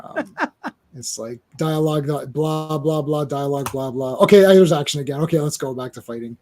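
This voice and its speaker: A man hosting a casual comic book chat, animated and quick to act out dialogue in silly voices. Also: on the high side. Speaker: podcast host.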